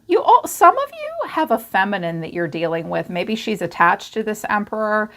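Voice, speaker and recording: A woman's voice: fairly low pitch, creaky. A woman giving a casual tarot reading, talking candidly and chattily and swearing freely. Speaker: tarot reader.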